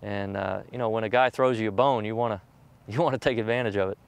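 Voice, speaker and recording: A middle-aged man, a professional golfer, telling candid stories in an interview, acting out other people's lines with jumps in pitch. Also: fast talker, creaky, clear, resonant tone. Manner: animated, acts out quoted voices with jumps in pitch.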